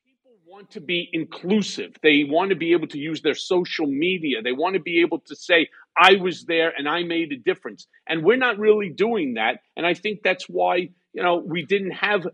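A man's voice: a little high, normal speed, a bit bright, husky, dull audio. A man speaking as a guest in an earnest, casual conversation.

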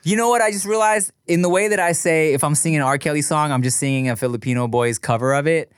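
Male podcast co-host, slightly high voice, laughs a lot, jokey and loose, dry booth sound. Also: quick pace, smooth, dry recording. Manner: laughing, sings nursery rhymes, playful. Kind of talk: casual chat.

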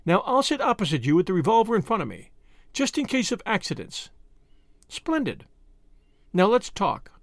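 A man voicing a spirited, quick-witted young woman, raising his voice high for her. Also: very animated, no echo, clean studio sound. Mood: cool.

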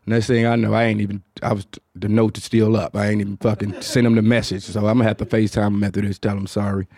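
A man with a Detroit accent hosting a casual podcast, talking in a low, mumbled, rambling way with lots of fillers and swearing. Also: level tone, quick pace, few pauses, a little mellow, no echo. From Detroit, United States. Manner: low-toned, mumbled, hard-to-follow delivery; loose, profane, rambling with many fillers. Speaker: podcast host. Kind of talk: casual chat.

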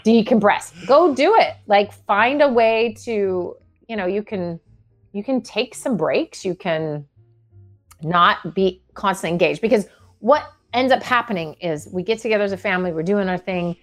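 A woman talking through advice in a relaxed podcast chat, her pitch sitting in the middle of the range. She rambles and thinks out loud, and laughs now and then. Faint music plays underneath. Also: normal speed. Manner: thoughtful, rambling, laughs often.

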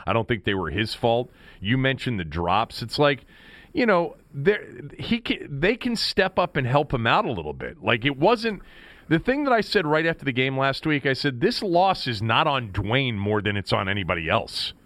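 A man's voice: medium pitch, big pitch swings, moderate pace, fairly bright tone, no room sound, studio quality. A man hosting a sports radio show, talking football in a conversational way. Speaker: radio host.

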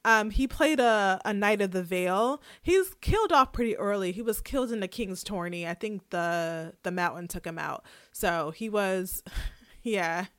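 A woman hosting a podcast, casually recapping a show episode in a chatty, animated way with slang. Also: medium pitch, unhurried, no room sound, clean studio sound. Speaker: podcast host.

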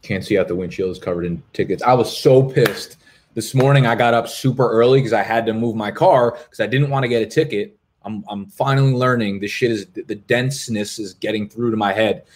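A man's voice: fairly low pitch, a little fast. A man, hosting a live stream in profane, rambling casual chat. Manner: profane, rambling, swears constantly.

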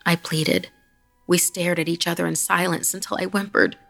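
Woman reading a creepy story real slow and hushed, gravelly low voice, faint music behind. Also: steady tone. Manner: slow, hushed, eerie delivery with whispered passages. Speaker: horror podcast host. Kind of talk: dramatic horror story narration.

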